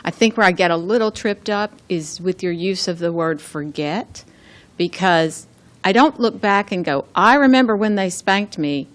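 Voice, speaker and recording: A woman co-hosting a radio talk, answering in a thoughtful, reflective, soft-spoken way. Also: lowish voice, moderate pace.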